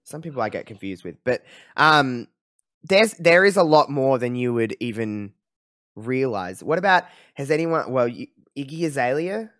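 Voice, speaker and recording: Australian guy, twenties, dry close video-call sound, halting and filler-heavy, middling pitch. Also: animated, fairly bright tone, no echo. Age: 20s. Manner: hesitant, rambling, filler-heavy. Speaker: podcast co-host. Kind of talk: casual chat.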